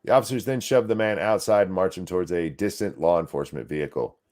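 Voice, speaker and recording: A deep-voiced, fast-talking man with a slightly mellow tone co-hosts a podcast. He reads a news article aloud, breaking off for crude, sarcastic remarks and profanity.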